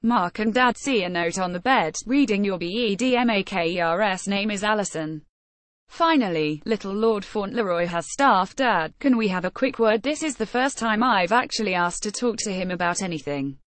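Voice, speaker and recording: A woman narrates a memoir at an even, measured pace, her voice sitting at a middle pitch for a woman. The sound is close and dry, with no room around it. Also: dry recording. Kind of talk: audiobook memoir reading.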